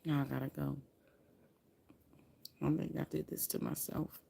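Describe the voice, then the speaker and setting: A woman talking on her own live stream in a rambling, halting way, often repeating herself. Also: sits low, flat delivery, vocal fry, dark tone, a little hiss or hum. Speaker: livestreamer. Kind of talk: emotional live stream chat.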